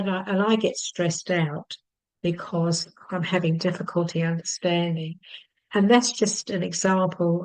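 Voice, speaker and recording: A woman teaching emotional tapping, repeating calm affirmations and then talking chattily with fillers and little laughs. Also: fairly low pitch, poor audio. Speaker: EFT healing teacher. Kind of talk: guided tapping session and casual talk.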